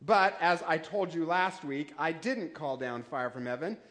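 A man's voice: on the high side, a little slow, a bit bright. A man in his forties, a pastor, preaching a sermon in a joking, conversational way with rhetorical questions. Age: 40s.

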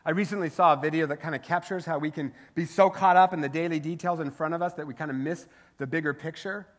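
A man's voice: a little high, steady tone, fast talker. A man preaching as a pastor in a casual, humorous style with conversational asides. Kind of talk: sermon.

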